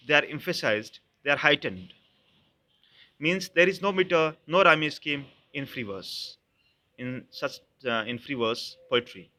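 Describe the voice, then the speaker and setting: A man with an Indian English accent, a professor giving a recorded literature lecture, explaining slowly and repeating each term. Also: a little high, pushed and bright. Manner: addresses students as "dears".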